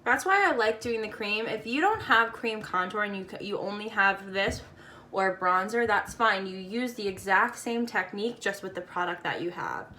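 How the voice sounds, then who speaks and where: A woman's voice: mid-range voice, expressive, moderate pace, bright, forceful tone, slight background noise. A woman casually talking through a makeup tutorial, chatty and playful with slangy asides.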